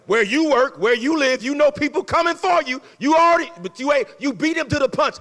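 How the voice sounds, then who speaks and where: Animated preacher in an echoing hall. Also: male voice, very high-pitched, a little fast, hardly any pauses. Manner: animated preaching, swings from loud to hushed; conversational, folksy phrasing. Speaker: pastor. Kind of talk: sermon. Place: church sanctuary.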